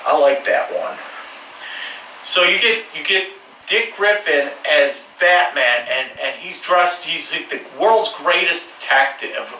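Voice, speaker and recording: Man, casual profane monologue, bright tone, roomy echo with faint background noise. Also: fairly high pitch, slow. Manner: crude, profane and joking, with many restarts. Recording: echoey room, mic far off.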